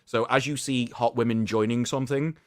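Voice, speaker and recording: Male co-host, blunt and sarcastic, mid-pitched, casual stream chat. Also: steady tone, a little fast. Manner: blunt, sarcastic, mocks others in put-on voices.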